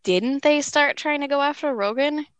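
A woman co-hosting a casual podcast, speaking in a wry, drawn-out way. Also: high-pitched, no room sound. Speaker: podcast co-host.

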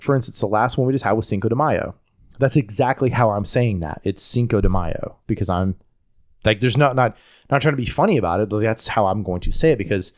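Rambling Southern man with a low voice. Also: darkish tone. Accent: Southern US, North Carolina. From North Carolina, US. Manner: talkative, rambling, often restarts sentences. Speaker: podcast host. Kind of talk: casual chat.

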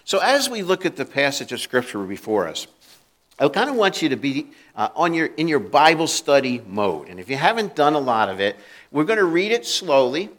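A man's voice: fairly high pitch, sing-song, moderate pace, a bit bright. A male pastor preaching a conversational sermon, acting out the voices he quotes and often restarting and repeating his words.

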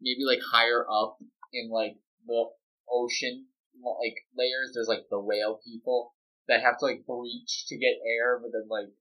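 A man's voice: medium pitch, level tone, a little slow, lo-fi sound. A man in casual, rambling conversation, brainstorming a story with a friend, playful and full of fillers.

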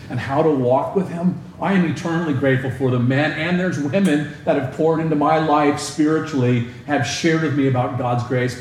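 A male pastor delivers a sermon with a fairly high voice, peppering the congregation with rhetorical questions and leaning hard on key words. His voice rings through a very echoey church hall. A faint hiss sits behind it. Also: darkish tone.

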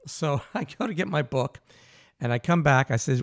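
A man's voice: medium pitch, moderate pace, gravelly. Guy hosting a chat, tells stories with lots of energy, does the voices, laughs a lot. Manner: animated storyteller, acts out quoted dialogue, laughs often. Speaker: host. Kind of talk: casual interview storytelling.

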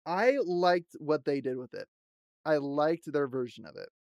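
Animated upbeat man on a podcast. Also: fairly high pitch, unhurried, dry recording, dull audio. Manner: animated, laughs often, shrieks quotes. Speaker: podcast co-host. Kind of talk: casual chat about a fantasy show.

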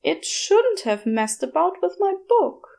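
A woman's voice: very high-pitched, big pitch swings, measured pace, vocal fry, mellow, pitched above the performer's own voice, full character voice. A woman voicing a prim, fussy, bookish male angel who speaks with airy, clipped indignation in a storybook reading. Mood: grim.

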